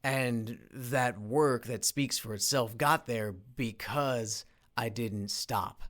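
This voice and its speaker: A man talking through a reflective solo monologue, halting with frequent restarts and repeated words, earnest in tone. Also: mid-range voice, fairly bright tone. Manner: earnest, self-motivating. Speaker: independent voice actor and producer.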